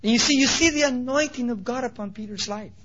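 A man preaching a sermon in an animated storytelling way with casual asides. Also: very high-pitched, fast talker. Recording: dull lo-fi recording.

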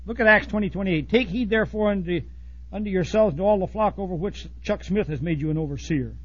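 Blunt folksy preacher, husky and high. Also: male voice, fast talker, highs cut off. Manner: blunt, folksy preaching with wild swings from loud to hushed. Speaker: pastor. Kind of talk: sermon.

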